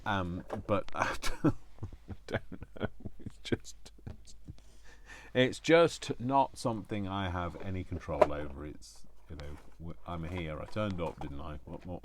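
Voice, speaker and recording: A man with a deep, low-pitched voice hosts a casual crafting video. He rambles cheerfully and pokes fun at himself. He keeps breaking off to talk to himself as he works at his table. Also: measured pace, noisy background. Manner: rambling, self-mocking, talks to himself. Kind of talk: casual crafting chat while working.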